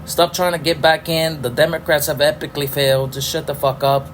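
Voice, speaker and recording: A man's voice: fairly high pitch, level tone, brisk, fairly bright tone, a little hiss or hum, poor audio. A middle-aged man hosting a podcast, ranting angrily with profanity and sarcastic rhetorical questions. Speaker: podcast host. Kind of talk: ranting political commentary.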